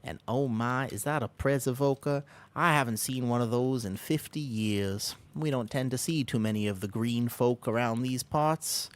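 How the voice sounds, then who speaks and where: A man putting on a slow drawling southern old-timer. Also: mid-range voice, natural voice. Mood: folksy. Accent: put-on American Southern. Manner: slow, drawling, folksy storytelling.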